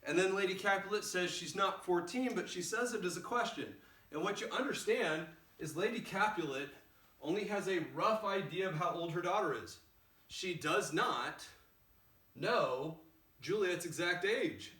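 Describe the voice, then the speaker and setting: A man teaching a play in a casual, animated way, recorded in a roomy space with the mic far off. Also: high voice, moderate pace. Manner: casual and animated, acts out lines. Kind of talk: explaining a play scene.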